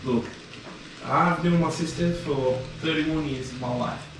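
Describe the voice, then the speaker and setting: A man doing a tough-loving guild captain who teases and coaxes her recruits in a tabletop game. She sounds far from the mic in a very echoey room, with clear noise behind. Her pitch sits in a middle range. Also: unhurried. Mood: reassuring. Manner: gently teasing, coaxing. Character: tough-loving female guild captain, teasing older sister.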